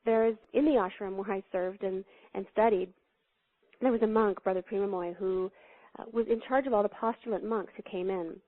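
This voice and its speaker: A woman's voice: medium pitch, normal speed. A woman speaking as a guest in an interview, teaching through stories and acting out the voices in them. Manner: animated storyteller who acts out the voices in her stories. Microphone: phone line. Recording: tinny phone line.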